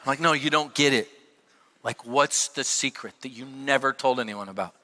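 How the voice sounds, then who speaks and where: A middle-aged male pastor preaching a sermon, telling stories with sudden shouted peaks and quieter asides. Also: mid-range voice, moderate pace, a little hiss or hum. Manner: animated storytelling with shouted peaks and dropped asides. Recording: long hall reverb.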